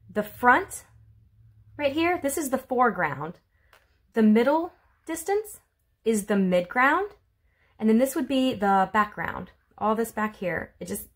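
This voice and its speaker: A woman art teacher with a Southern US accent, giving a friendly home video art lesson for children and explaining as she draws. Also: fairly high pitch. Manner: friendly, chatty, explains while drawing. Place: home room. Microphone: phone camera.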